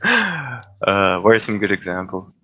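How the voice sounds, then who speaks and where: A man co-hosting a podcast in casual chat, teasing his friend and quick to laugh. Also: fairly low pitch, very animated, sharp tone, no room sound, low-quality recording. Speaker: podcast co-host.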